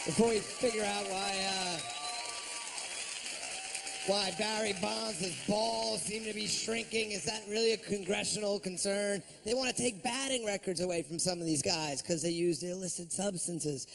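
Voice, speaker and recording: Gravelly, sardonic stand-up comedian man. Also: high voice, steady tone, measured pace, heavy background noise. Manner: profane, sardonic ranting.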